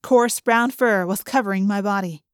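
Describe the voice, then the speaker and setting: A woman's voice: mid-range voice, moderate pace, clear, resonant tone, no echo, studio quality. A woman reading a first-person storybook aloud and voicing the emotional dialogue expressively. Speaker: audiobook narrator.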